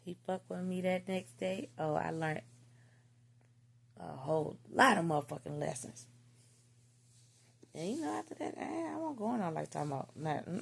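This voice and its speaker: A woman with a low, gravelly voice tells a personal story in a loose, casual monologue. Her tone is husky and a bit rough, and her delivery is candid and profane, full of slang. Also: moderate pace, pauses often, darkish tone.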